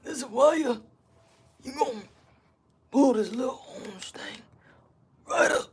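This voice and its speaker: A woman's voice: on the high side, unhurried, slight background noise, natural voice. A woman putting on an accented persona for a whispered role-play tool demonstration, playful and step-by-step. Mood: playful demo. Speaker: craft demonstrator.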